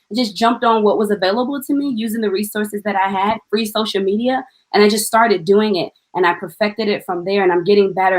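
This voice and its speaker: A woman with a Midwestern American accent giving a passionate, high-energy motivational talk. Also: poor audio. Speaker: featured guest.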